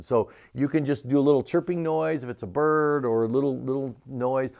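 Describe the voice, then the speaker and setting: A man's voice: mid-range voice, a little mellow. A man who leads a church puppet ministry, giving a casual hands-on lesson on puppets, chatty and full of fillers. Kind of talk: casual instructional demo.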